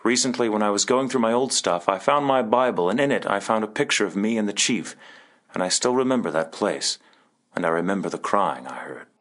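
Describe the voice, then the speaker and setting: A man reading a submitted true ghost story aloud in a measured, solemn way. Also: on the low side, lively intonation, fairly bright tone. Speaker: story reader.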